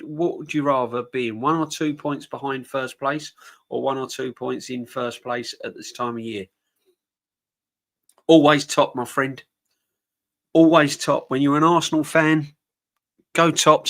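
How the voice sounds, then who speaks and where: A middle-aged man hosting a football fan stream, reading viewer comments and answering them in an animated, emphatic way, often repeating his points. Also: medium pitch. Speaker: football fan channel host.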